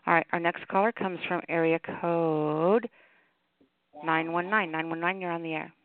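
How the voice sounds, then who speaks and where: A woman's voice: on the low side, fairly even intonation, moderate pace, clean tone. A woman hosting a call-in radio show, taking callers in a friendly, familiar way. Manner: friendly, calls callers hon and sweetheart. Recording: tinny phone line.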